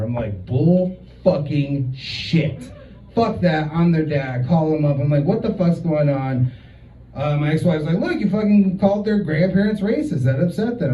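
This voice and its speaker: Male stand-up comic, 30s, mellow voice, roomy distant muffled club sound; swears a lot, rambling storyteller. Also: a little high, slight background noise. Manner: profane, conversational, many filler words. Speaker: stand-up comedian. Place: comedy club stage.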